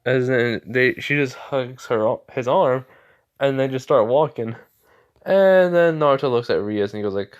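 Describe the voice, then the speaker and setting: A man with a smooth, medium-pitched voice speaks a little slowly, and the audio sounds dull. He is a fan fiction storyteller improvising a made-up story casually, rambling with plenty of "like" and "you know."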